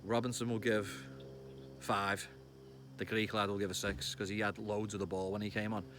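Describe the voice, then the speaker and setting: A man in his thirties with a Liverpool accent, chatting excitedly outdoors about a football match, swearing and bursting into loud shouts. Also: fairly low pitch, normal speed, noisy background. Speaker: football fan vlogger. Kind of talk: casual match reaction vlog. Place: outdoors among trees.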